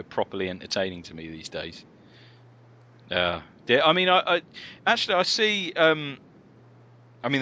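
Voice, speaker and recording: A man's voice: mid-range voice, sharp tone, muffled recording. A man co-hosting a comedy podcast, telling rambling stories in casual chat with lots of fillers and restarts. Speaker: podcast co-host.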